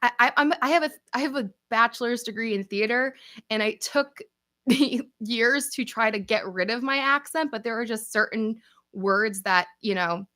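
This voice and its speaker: A young woman with a New York accent hosts a casual livestream Q&A and chats with viewers. Her voice is bright and sits a little high. She talks in an upbeat way and laughs often. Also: moderate pace, no room sound, clean studio sound. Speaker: channel host.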